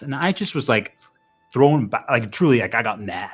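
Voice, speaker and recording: A man speaking in a mid-range voice, casual and rambling as he talks to his viewers. He gets animated and often jumps into loud, excited exclamations. Soft music plays faintly underneath. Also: mid-range voice, moderate pace, slightly rough. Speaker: video host. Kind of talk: casual monologue.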